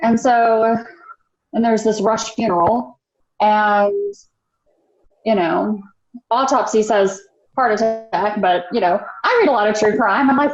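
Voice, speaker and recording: A woman's voice: mid-range voice, unhurried. A woman guest telling a personal story in a casual, candid way, full of fillers and acted-out quotes, on a roomy, dull-sounding recording. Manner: candid, chatty, many fillers, acts out quotes. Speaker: podcast guest.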